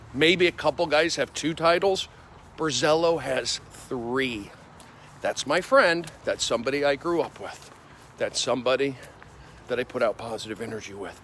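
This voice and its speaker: A male comedian livestreaming on his phone while walking city streets, rambling excitably with repetitive bursts of loud emphasis. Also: mid-range voice, a little hiss or hum. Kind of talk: rambling walk-and-talk livestream.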